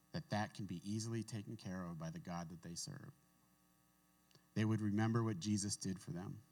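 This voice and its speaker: Low-voiced man giving a casual sermon. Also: darkish tone. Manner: conversational, with asides and chuckles. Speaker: pastor.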